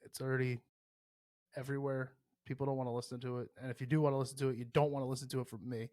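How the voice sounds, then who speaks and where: Profane rambling podcast host, dry close sound. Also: male voice, mid-range voice, racing, dry recording. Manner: profane, rambling, animated with sports analogies. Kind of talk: casual solo podcast rant.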